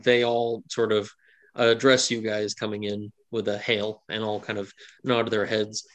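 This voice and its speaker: Man narrating a fantasy game, full of fillers. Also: mid-range voice. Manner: descriptive, rambling with many fillers. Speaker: game master.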